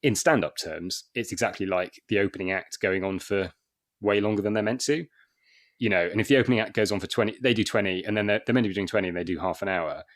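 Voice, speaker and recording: A man's voice: on the low side, fast. A man chatting as a comedian guest on a podcast, rambling with many restarts and little acted dialogues. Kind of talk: casual podcast chat.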